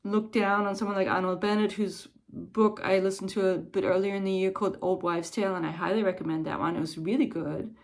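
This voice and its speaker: Woman rambling thoughtfully about books, casual weekly chat, middle pitch. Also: fairly even intonation, brisk, few pauses. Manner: thoughtful, digressive musing. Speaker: book vlogger.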